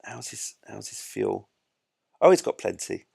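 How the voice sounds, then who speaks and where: A man's voice: lowish voice, expressive, unhurried, gravelly, a little mellow, husky, no room sound, clean studio sound. A man giving chatty, self-mocking live commentary while he plays a space game. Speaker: gameplay streamer.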